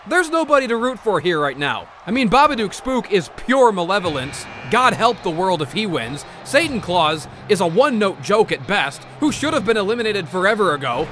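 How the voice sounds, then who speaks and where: Bright, high melodramatic male commentator. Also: a little hiss or hum. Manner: melodramatic, outraged rants. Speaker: mock wrestling commentator. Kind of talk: comedic play-by-play commentary.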